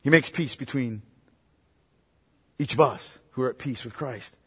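A man's voice: medium pitch, unhurried, breathy edge. A male pastor preaching a sermon emphatically, often asking the congregation rhetorical questions. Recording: long reverb of a large hall.

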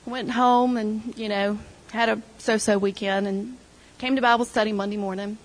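A woman's voice: fairly high pitch, fairly even intonation, moderate pace, poor audio. A middle-aged woman sharing an emotional personal testimony with her church group, retelling conversations as she goes. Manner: emotional storytelling, quoting others.

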